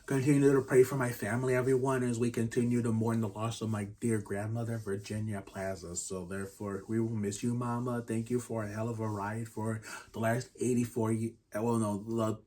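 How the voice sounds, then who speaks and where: A man in his thirties hosting a casual basketball review vlog, rambling and restarting often and keeping his voice quiet. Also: fairly low pitch, little pitch movement, a little fast. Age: 30s. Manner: speaks quietly to keep the noise down. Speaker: channel host reviewing basketball games.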